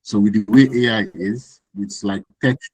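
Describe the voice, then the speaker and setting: A man hosting an online workshop over a video call, talking hesitantly with many pauses and fillers. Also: lowish voice, steady tone, a little mellow, husky, dry recording, rough recording. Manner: hesitant, many ums, friendly. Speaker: workshop host.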